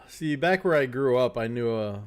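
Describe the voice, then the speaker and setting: A man hosting a casual chat, playful, with a morning voice, now and then slipping into silly singing or an announcer voice. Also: medium pitch. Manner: playful, breaks into silly sung lines and announcer voice. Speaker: host.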